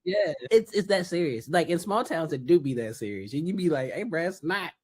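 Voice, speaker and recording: A man's voice: on the high side, lively intonation, a little fast, darkish tone, breathy edge. A man co-hosting a podcast, talking in a laid-back and slangy way. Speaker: podcast co-host. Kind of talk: casual podcast conversation.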